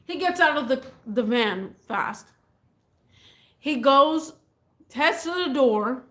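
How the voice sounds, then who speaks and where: A woman's voice: high-pitched, animated, takes it slowly, fairly bright tone. A woman telling a casual storytime vlog, rambling and repeating herself as she goes, in an echoey room. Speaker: vlogger.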